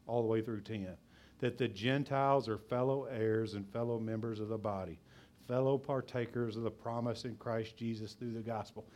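Passionate pastor preaching loud and fast. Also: male voice. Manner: loud, fast, passionate preaching with sudden drops to a low, quiet voice. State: out of breath. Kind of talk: sermon.

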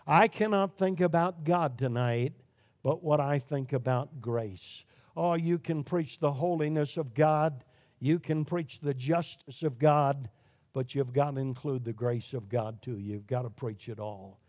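A man from Brooklyn preaching a sermon, emphatic, with sudden swings between loud declarations and quiet, low lines. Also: measured pace, no echo. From Brooklyn, New York. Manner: emphatic preaching with sharp rises and drops in volume.

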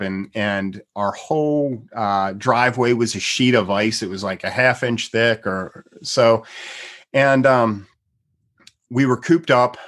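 A man from Pennsylvania telling a personal story in a casual, rambling way, with halting restarts and frequent chuckles. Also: mid-range voice, fairly bright tone. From Pennsylvania, US East Coast.

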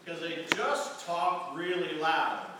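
A man's voice: on the high side, little pitch movement, slow pace, very noisy. A man preaching a sermon, conversational and emphatic as he retells a story. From United States. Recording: echoey room from far off, faint ambience.

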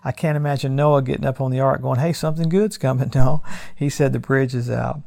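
Gravelly middle-aged man, pastor doing emphatic end-times commentary, mid-pitched. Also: level tone, fairly quick, darkish tone. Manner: emphatic, conversational preaching with repeated phrases.

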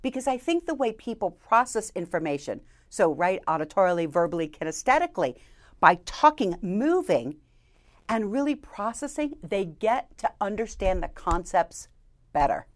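A woman, a keynote speaker, giving interview advice in an animated, emphatic way. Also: moderate pace. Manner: animated, emphatic delivery with lively pitch swings. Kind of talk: conversational interview, coaching tips.

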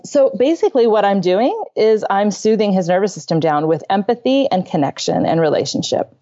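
Her medium-pitched voice is animated, warm and a bit quick as she shares a story from home on a parenting podcast. The middle-aged woman is earnest and conversational, laughing a lot and performing the quotes. She records in a home bedroom, with the high frequencies cut off.

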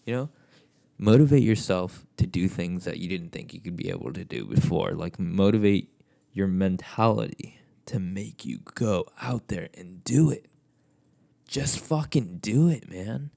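A man's voice: sits low, measured pace, gravelly, warm tone. A man giving a blunt, profane motivational rant, swearing constantly and repeating himself.

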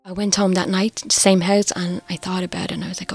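A middle-aged Irish woman telling her own story, candid and reflective, quietly emotional. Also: fairly low pitch, flat delivery, fairly quick, gravelly, hardly any pauses. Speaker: interviewee. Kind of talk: personal testimony. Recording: faint music underneath.

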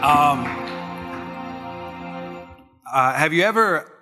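Pastor guy telling stories in church, brightish voice, big echoey hall. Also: on the high side, a little fast, soft background music. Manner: animated storyteller, acts out quoted voices. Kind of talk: conversational sermon with storytelling. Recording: long church hall reverb.

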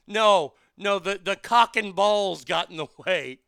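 A man's voice: high voice, measured pace, gravelly, hardly any pauses, pushed and bright, clean tone, dry recording. A man hosting a show, reading news aloud and mocking it with crude, profane jokes and laughter. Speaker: show host. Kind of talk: crude comedic commentary.

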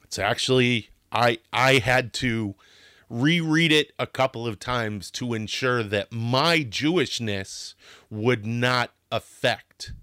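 A man's voice: on the low side, bright, forceful tone, smooth, dry recording, studio quality. A man hosting a history talk, telling it in a casual, passionate way that sometimes gets worked up, with restarts and a swear now and then. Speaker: history podcast host.

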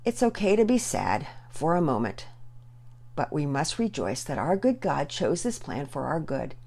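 A woman voicing a devout father who gently teaches his children while he is sick. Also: deep voice, very animated, moderate pace, creaky, breathy edge, heavily acted. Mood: earnest.

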